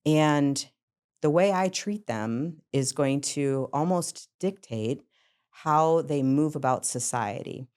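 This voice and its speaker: Taking her time, a middle-aged psychotherapist shares lively stories from her practice as a podcast guest, acting out moments and often laughing. Her low voice is smooth.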